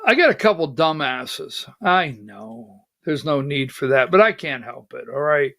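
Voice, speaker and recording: A man's voice: on the high side, big pitch swings, a little slow, vocal fry, a bit bright, no echo, studio quality. A man hosting a live political commentary show, agitated and exasperated, calling out instructions to his producer between remarks. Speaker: political talk show host.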